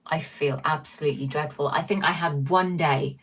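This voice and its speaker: A woman's voice: low voice, normal speed, husky, distant mic. A woman hosting a casual livestream from a small room. She rambles cheerfully, pokes fun at herself, and reads out viewer comments. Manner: chatty, rambling and self-mocking. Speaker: livestream host.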